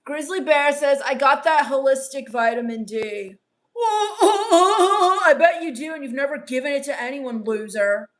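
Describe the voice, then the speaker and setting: Hunter Darkside, a woman doing a high-voiced sullen goth vampire. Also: normal speed, hardly any pauses, natural voice. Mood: deadpan scornful. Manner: deadpan, sarcastic, dismissive put-downs. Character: sullen goth teen vampire, scornful, hates everyone. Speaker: live streamer reading chat. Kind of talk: improvised character live stream comedy.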